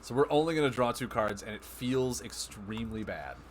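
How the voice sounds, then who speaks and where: A man streaming a card game live, thinking aloud about his plays, excitable and self-mocking. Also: mid-range voice, moderate pace, slight background noise.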